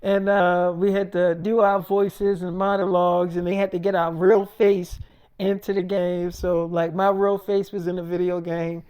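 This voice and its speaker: A man's voice: high voice, flat delivery, normal speed, a little mellow, clear, resonant tone. A man telling a rambling freestyle story in casual slang.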